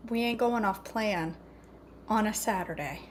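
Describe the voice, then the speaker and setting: A woman's voice: medium pitch, measured pace, slight background noise. A woman hosting a casual cooking vlog from her home kitchen, chatty, folksy and joking. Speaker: vlog host.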